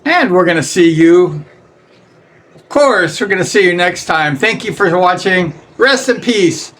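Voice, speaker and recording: An older man from Southern California speaks in a casual, rambling storytelling style. His voice sits a little high for a man and has a bright, forceful edge. He talks bluntly, sprinkling in fillers and swear words. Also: animated, a little slow. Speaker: vlogger recalling his racing days.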